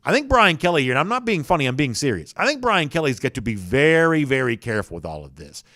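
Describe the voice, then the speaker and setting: A man's voice: a little high, big pitch swings, fast, sharp tone, no room sound, studio quality. Opinionated Southern American man talking sports. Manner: chatty, opinionated, with frequent restarts. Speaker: sports talk show host. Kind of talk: live sports talk commentary.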